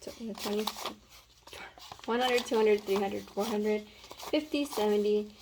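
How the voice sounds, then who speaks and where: Casting: young woman, gravelly fry, chatty cash-counting vlogger, faint hiss behind. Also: mid-range voice, moderate pace. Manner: chatty, counts bills aloud, filler-heavy. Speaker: budgeting vlogger. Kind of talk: casual chat while counting cash.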